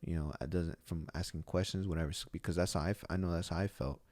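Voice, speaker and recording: Low-voiced middle-aged guy, gym owner, rambly chat, dry close sound. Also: steady tone, quick pace, a little mellow, dry recording. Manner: rambling storyteller with many restarts. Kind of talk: casual podcast conversation.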